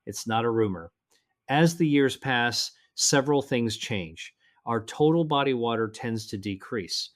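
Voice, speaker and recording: A measured older man with a voice of middling pitch, narrating health advice in a calm, scripted way. He speaks earnestly and slows down to lean on key words, as if talking to listeners his own age. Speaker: health presenter.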